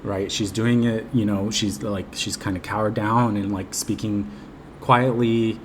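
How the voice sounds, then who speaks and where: Rambling, hesitant lower-voiced man. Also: flat delivery, a little slow, slight background noise. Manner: rambling and hesitant, with frequent ums and restarts. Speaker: vlogger recounting a dream. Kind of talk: casual personal storytelling.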